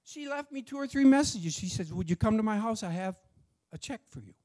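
A middle-aged man tells a testimony story from the pulpit. His voice sits high and swings widely as he acts out each exchange. He speaks with lively, heartfelt energy. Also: brisk. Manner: animated storyteller acting out dialogue. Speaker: church speaker sharing a testimony.

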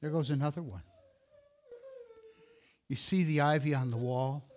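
A man's voice: on the high side, moderate pace, darkish tone, slight background noise, close to an everyday voice. A man voicing a dying young woman in a told story, speaking weakly as her voice fades. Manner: weak and fading.

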